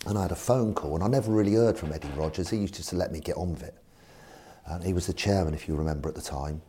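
A man's voice: deep voice, fast talker, husky. A man, a former football manager, telling anecdotes in an interview, acting out the voices of the people in them. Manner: animated storyteller acting out voices.

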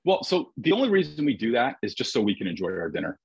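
A man's voice: mid-range voice, big pitch swings, fast talker, creaky, slightly rough, no echo, low-quality recording. A man who coaches baseball, telling stories in a casual, reflective conversation with frequent restarts.

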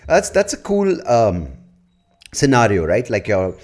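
A man's voice: medium pitch, measured pace. A man hosting a podcast interview, joking around and laughing often as he asks questions. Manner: joking, laughs a lot, animated. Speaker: podcast host.

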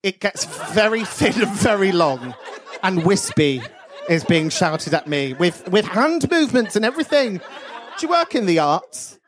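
Man, podcast host, live show with an audience, very animated pitch, laughing, swearing, cheeky banter. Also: a little slow.

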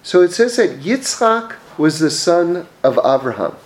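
A man leads a Torah lesson through stories, his voice sitting high. He tells them animatedly and often restarts his phrases. The recording carries a noticeable room echo. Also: measured pace. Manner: animated storytelling with many restarts. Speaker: Torah teacher. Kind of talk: religious class, story-driven teaching. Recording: echoey room.

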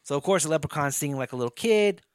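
A man's voice: fairly high pitch, lively intonation, rapid-fire, smooth, no echo, studio quality. A man co-hosting a podcast, retelling a movie plot in a casual, profane, laid-back way. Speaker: podcast co-host. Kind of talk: casual movie-review chat.

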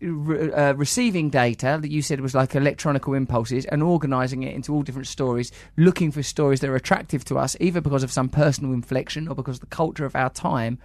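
A man's voice: on the high side, no echo, studio quality. A man hosting a casual interview, joking and teasing as he riffs on ideas. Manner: playful, teasing, riffs with jokes. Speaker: host.

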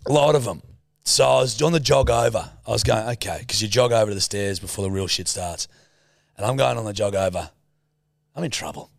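Young Aussie male co-host, gravelly, animated, sweary, dry close mic. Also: on the low side, a little fast, no echo. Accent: Australian. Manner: swearing, rambling storyteller. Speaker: podcast co-host. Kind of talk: casual banter.

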